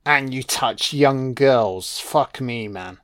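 A man's voice: mid-range voice, takes it slowly, a bit bright. A man giving casual watch-along film commentary, swearing freely and talking back at the screen. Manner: profane, reactive, talks back at the screen.

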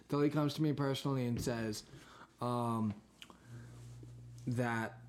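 A man's voice: medium pitch, fairly even intonation, unhurried, pauses often. A man in casual podcast chat who rambles, swears and trips over his words while telling a story. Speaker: podcast co-host.

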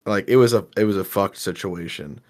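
Man, low voice, podcast co-host, casual banter, profane. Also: a little fast, darkish tone. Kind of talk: casual chat.

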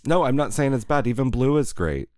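A man's voice: medium pitch, expressive, a little fast, no echo. A man co-hosting a podcast, chatting casually and telling stories with sarcastic asides. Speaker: podcast co-host. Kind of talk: casual chat.

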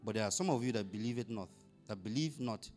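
A man's voice: lowish voice, quick pace, a little mellow, faint music behind. A male pastor preaching a sermon, asking the congregation questions and rising to emphatic bursts on scripture.

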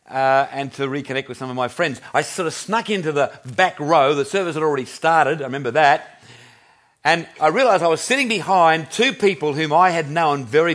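A pastor in his fifties with an Australian accent preaches a sermon in a relaxed, storytelling style, chuckling and restarting sentences as he goes. His voice is a little high.

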